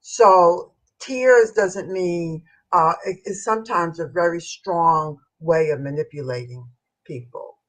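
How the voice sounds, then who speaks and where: A woman in a casual discussion, thoughtful and measured. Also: lowish voice, a bit bright, poor audio.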